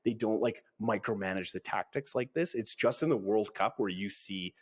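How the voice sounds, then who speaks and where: A man's voice: on the low side, moderate pace, breathy edge. A man from Canada hosting a podcast, agreeing eagerly and explaining at length in casual chat. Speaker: podcast host.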